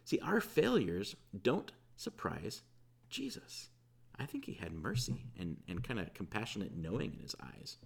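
A man's voice: low-pitched, huge pitch swings, moderate pace, creaky, hardly any pauses, husky. A man preaching a sermon as pastor, retelling a scripture story in a conversational way with casual asides.

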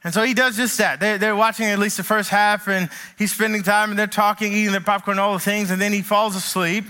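Pastor, male, high and bright-toned, earnest sermon delivery with lively storytelling. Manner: earnest preaching, drops low and slow on key phrases; animated storytelling with acted quotes.

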